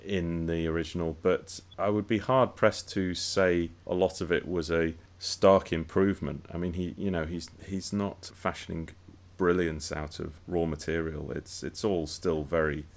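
Deep-voiced man in a halting podcast chat. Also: fairly even intonation. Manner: thoughtful, halting, many restarts and repeated words. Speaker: podcast co-host. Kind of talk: casual podcast discussion.

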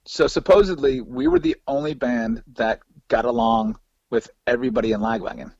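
A man telling road stories as a podcast guest, animated, laughing and swearing freely. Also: mid-range voice, moderate pace, vocal fry, no echo. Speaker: podcast guest, former band hypeman. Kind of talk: casual storytelling interview. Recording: dull lo-fi dry recording.

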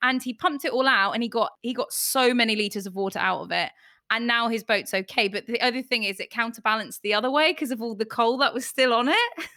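Woman host, chatty storyteller, bright tone, dry close sound. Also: a little high, brisk, no room sound. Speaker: host and judge. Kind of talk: casual podcast chat.

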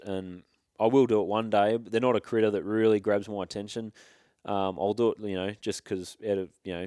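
A man's voice: sits low, darkish tone, no room sound, clean studio sound. An Australian man chatting casually about his hunting trips, laid-back and rambling with slang and restarts. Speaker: hunting guest. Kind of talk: casual storytelling chat.

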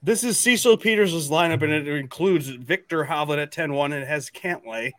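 Male podcast host, higher pitch, playful and teasing, rambling. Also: normal speed, a bit bright. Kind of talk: casual banter.

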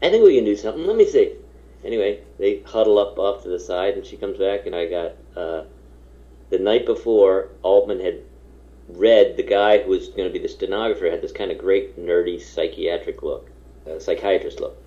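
A middle-aged man tells a story in a deep, warm voice, circling back and tripping over his words. He breaks into the voices of people he quotes. The recording sounds dull and muffled. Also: steady tone, moderate pace. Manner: rambling, self-interrupting storyteller who acts out quoted voices. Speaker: guest telling a story. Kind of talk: casual anecdote.

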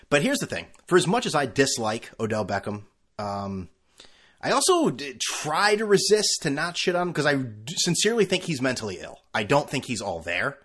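A man from the United States rants into his podcast mic. His voice swings widely in pitch, and he swears freely and sarcastically while stumbling over restarts. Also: a bit bright. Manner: profane, sarcastic, rambling with frequent restarts. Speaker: podcast host. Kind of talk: casual ranting monologue.

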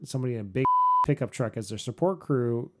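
Man, middle-aged, podcast co-host, casual storytelling, self-mocking, swears a lot, lively up-and-down pitch. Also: quick pace, a little hiss or hum.

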